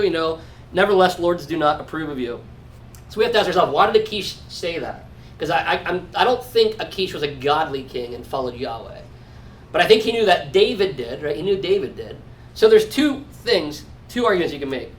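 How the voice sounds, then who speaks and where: Male pastor, conversational Bible teacher, lively impressions, distant mic. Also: brisk. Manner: animated, acts out quoted lines with sudden high-pitched outbursts; conversational, frequent restarts and asides. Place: church. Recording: distant mic in a room with faint background noise.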